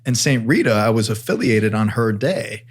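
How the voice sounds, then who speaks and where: A man's voice: fairly low pitch, normal speed, slightly rough. A man co-hosting a podcast, telling a story in a casual chat and acting out the voices of people in it. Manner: animated storyteller, acts out voices. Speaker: podcast co-host.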